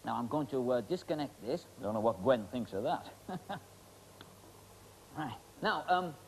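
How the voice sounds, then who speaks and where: A man's voice: medium pitch, expressive, fairly quick, mellow. A middle-aged man doing comic stage patter with volunteers as a magician host, chatty and teasing with many fillers. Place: TV studio stage with live audience. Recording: hissy 1980s TV broadcast.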